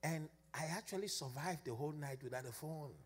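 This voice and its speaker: A man's voice: on the high side, fairly quick, slightly rough. A man preaching a sermon to a congregation in a fervent, sing-song cadence. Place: church gathering.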